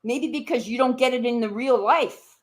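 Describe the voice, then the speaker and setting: At a normal speed and fairly high pitch, a woman unloads in a heated live-stream rant. She accuses someone straight on, hammering the same demands again and again, cursing as her voice shoots up in anger.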